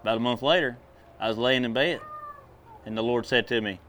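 A man preaching a sermon in a folksy, animated way, drawling and then breaking into sudden loud bursts. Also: mid-range voice, fairly quick, long pauses, slight background noise.

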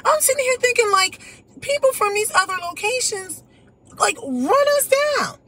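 A woman's voice: very high-pitched, normal speed. An American woman hosting her own channel, giving opinionated livestream commentary and answering viewers by name. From United States. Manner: opinionated, animated, reads chat aloud. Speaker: channel host.

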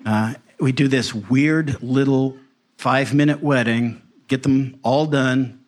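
A middle-aged man, a pastor, telling a story in a folksy, animated way with wry asides. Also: mid-range voice, slow pace. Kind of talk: storytelling sermon.

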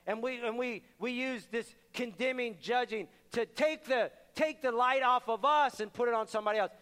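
A man's voice: very high voice, fairly bright tone, clear, resonant tone. A male pastor preaching a conversational sermon, often repeating his words and acting out the people in his stories. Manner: conversational, repeats words, acts out quoted voices. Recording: long hall reverb with faint music.

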